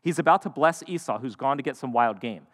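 A man preaching a sermon, retelling a story with animated, joking asides. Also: mid-range voice, a little fast. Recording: echoey hall.

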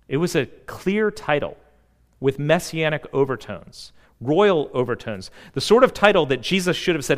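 A man preaching a sermon as a pastor. He delivers it earnestly, swelling to emphatic peaks and dropping to hushed, slow passages. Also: a little high, animated, big-room sound.

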